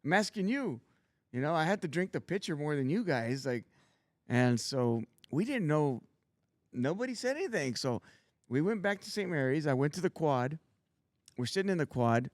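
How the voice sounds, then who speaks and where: A man, telling animated stories and acting out the people in them as a guest. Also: a little high, normal speed, no echo, studio quality. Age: 50s. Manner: animated storyteller acting out voices. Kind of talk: casual storytelling.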